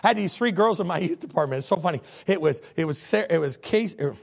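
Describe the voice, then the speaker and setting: A man's voice: high-pitched, lively intonation, fast talker, vocal fry, breathy edge. A man preaching a sermon as a pastor, telling stories with comic character voices.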